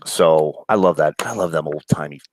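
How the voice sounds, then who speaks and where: A man from New York with a rumbling low voice and a New York accent chats casually about comics at a moderate pace. He rambles, curses, laughs often, and uses many fillers, on poor audio with no room sound.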